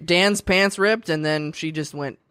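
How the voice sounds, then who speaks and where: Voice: medium pitch, a little slow, bright, forceful tone, clear, resonant tone, no room sound. A guest on a comedy podcast making dry wisecracks in casual banter.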